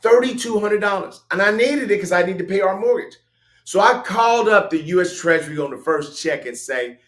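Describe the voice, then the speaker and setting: A man's voice: sits high, expressive, a little fast. Man telling a story with big dynamic swings. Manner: swings from loud exclaiming to hushed asides. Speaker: host telling a personal story. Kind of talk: animated storytelling testimony. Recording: roomy echo.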